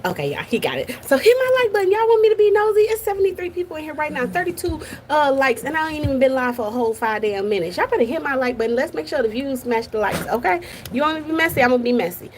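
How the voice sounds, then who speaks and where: A woman's voice: sits high, sing-song, quick pace, hardly any pauses, a little hiss or hum. A woman hosting a casual live stream from her office at work, chatty and gossipy, greeting viewers by name.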